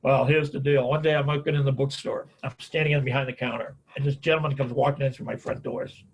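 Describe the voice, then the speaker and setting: Fast and fairly even in intonation, a middle-aged American man's mid-range voice comes through over slight background noise. He's a caregiving speaker telling folksy anecdotes about caregiving and grief, and he keeps saying "man" and "on it" at the ends of his sentences.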